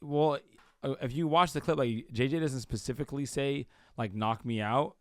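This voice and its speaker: A man co-hosting a casual podcast chat, animated and quick to laugh. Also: medium pitch, no room sound, clean studio sound. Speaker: co-host.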